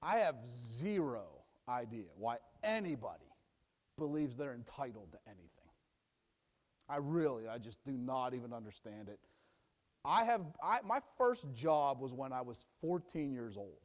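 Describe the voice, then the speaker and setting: A young adult man teaching from the Bible in a sermon, emphatic and repetitive, dropping low and quiet for asides. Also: lively intonation, normal speed. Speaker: preacher.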